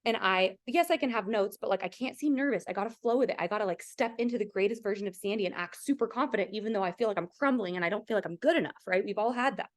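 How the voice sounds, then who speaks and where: A woman's voice: mid-range voice, racing, few pauses. A woman hosting a coaching call over video, telling an emotional personal story in an earnest, chatty way, full of "like" and direct questions to her listeners. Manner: emotional, earnest, heavy use of "like", addresses the audience directly.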